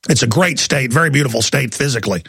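A political talk radio host from Texas, in his forties, rants and rambles through emphatic, intense stories. He talks fast in a mid-range, gravelly, slightly bright voice with a breathy edge, recorded dry in a studio with faint music.

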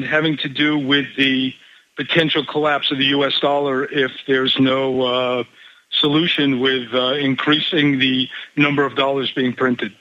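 Bright-toned male caller over lo-fi line. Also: fairly high pitch, no echo. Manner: measured, points delivered one by one. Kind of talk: call-in radio talk. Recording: lo-fi phone line.

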